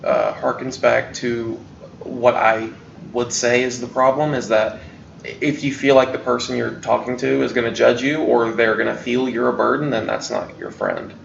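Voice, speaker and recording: A man's voice: mid-range voice, flat delivery, normal speed, gravelly, slight background noise. A man hosting a casual talk, thoughtful and explaining his points with frequent fillers. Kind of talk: casual conversation. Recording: echoey distant lo-fi sound.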